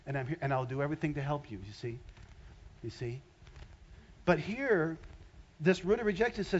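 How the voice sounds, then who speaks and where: A man's voice: sits high, fast talker, lo-fi sound. An older man preaching a sermon in a conversational way, often rising into emphatic bursts. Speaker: pastor.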